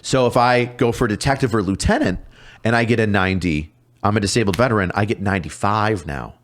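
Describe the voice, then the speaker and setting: A man, a police officer guest on a podcast, telling stories casually with lots of swearing and quick impressions of other people. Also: fairly low pitch. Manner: profane, animated, mimics people in his stories. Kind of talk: casual storytelling.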